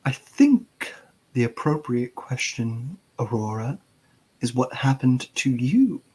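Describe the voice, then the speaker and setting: A man's voice: medium pitch, very animated, a little mellow, husky, full character voice, low-quality recording. Stern cold mother, as a man puts her on. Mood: suspicious. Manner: slow, pointed, accusing.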